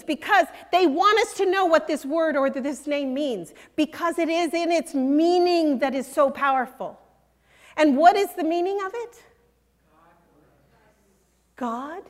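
A woman preaching a sermon, earnest and emphatic, softening her voice when she reads scripture. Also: high voice. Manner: earnest, emphatic, drops to soft intimate tones for scripture. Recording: long reverb of a large hall.

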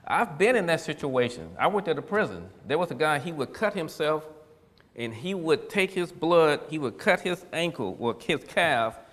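Guy preaching in a church, folksy and chatty, pitch jumps all over, big hall reverb. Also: normal speed. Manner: folksy and animated, laughs at his own points. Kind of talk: casual sermon.

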